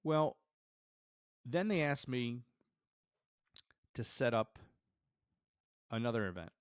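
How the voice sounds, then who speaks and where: A man hosting a podcast, telling a personal story in a lively way and acting out the dialogue he remembers. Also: mid-range voice, slow pace, clean tone, no room sound, studio quality. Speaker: podcast host.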